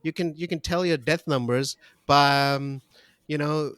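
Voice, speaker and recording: A man's voice: fairly high pitch, measured pace, a bit bright, clean tone, no room sound, studio quality. A man hosting a comedy podcast, ranting and joking in casual chat. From New Zealand. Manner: ranting, jokey, puts on voices. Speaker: podcast host.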